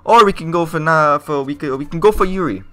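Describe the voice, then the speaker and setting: A man streaming a game live, reacting loudly with a lot of swearing and nervous outbursts. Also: a little high, fairly quick, faint music behind. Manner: loud, profane, jumpy reactions. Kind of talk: live gameplay commentary.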